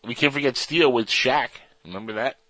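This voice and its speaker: A man's voice: medium pitch, fairly quick, bright, forceful tone, no echo, low-quality recording. A man hosting a radio show, chatting in a playful, goofy and rambling way. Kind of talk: casual radio banter.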